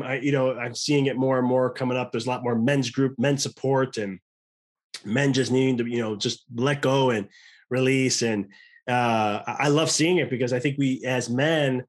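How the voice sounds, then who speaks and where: A man in his thirties with an American accent, talking earnestly in a casual conversation and often restarting his sentences. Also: medium pitch. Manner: rambling, earnest, many restarts. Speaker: podcast guest.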